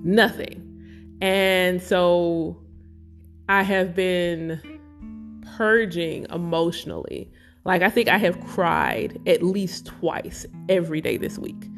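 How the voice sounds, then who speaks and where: A woman speaking slowly and emotionally about her spiritual life, close to tears at times. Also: fairly low pitch, gravelly, faint music behind. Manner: slow, emotional, searching, near tears. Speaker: spiritual vlogger. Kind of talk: reflective personal talk.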